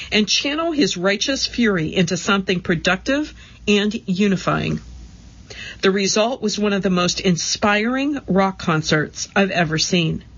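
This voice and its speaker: A woman giving a steady, measured scripted narration of magazine articles. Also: medium pitch, lo-fi sound.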